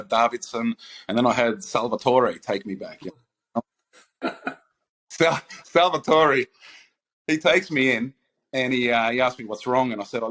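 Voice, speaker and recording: A man telling a long personal anecdote in casual chat, often laughing and restarting his sentences. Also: lowish voice. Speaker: podcast host. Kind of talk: casual storytelling.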